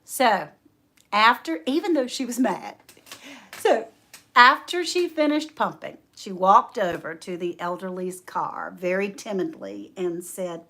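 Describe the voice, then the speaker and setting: A woman hosting a homestead livestream, telling a story in a folksy, animated way. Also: medium pitch. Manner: slow, folksy, animated storyteller who laughs often. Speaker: homestead channel host.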